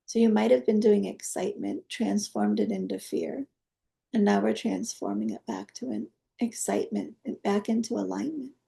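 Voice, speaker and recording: A woman leads a guided energy-healing meditation in a soft, coaxing voice. Her tone is very dark and mellow, with a strong gravelly fry running through it. She moves between gentle instruction and quiet, prayer-like requests. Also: mid-range voice, normal speed.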